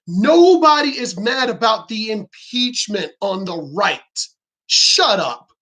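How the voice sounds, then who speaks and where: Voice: mid-range voice, lively intonation, normal speed, a bit bright. A vlogger ranting angrily about politics, swearing often and mocking opponents. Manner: profane, heated, sarcastic, mocks opponents in quoted voices. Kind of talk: angry ranting commentary.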